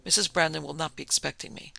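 A man reading aloud, voicing a composed male doctor who speaks in a firm, measured way. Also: a little high, steady tone, creaky, sharp tone, exaggerated voice, rough recording. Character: calm, curt male doctor, firm but kindly.

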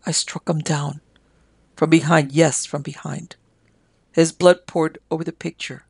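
A reader voicing a delirious army major who raves and pleads in a feverish confession, with a gravelly edge. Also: mid-range voice, level tone, measured pace, darkish tone, no echo. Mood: terrified, pleading. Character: delirious army major, guilt-ridden man.

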